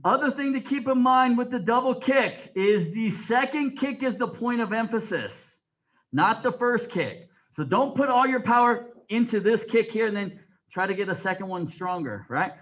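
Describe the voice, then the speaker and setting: A man teaching a taekwondo class, counting aloud in Korean and giving sharp commands between calm explanations. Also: high voice. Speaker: taekwondo instructor. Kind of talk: teaching a martial arts class. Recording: dull lo-fi sound.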